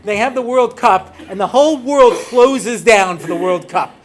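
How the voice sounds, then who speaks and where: This American rabbi jokes his way through stories before an audience, impersonating cantors and other voices to get laughs. He has a very high voice and a moderate pace, with faint music playing behind him.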